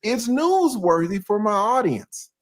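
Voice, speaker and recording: A man giving casual, animated reaction commentary with laughing, slangy asides. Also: high-pitched, a little slow.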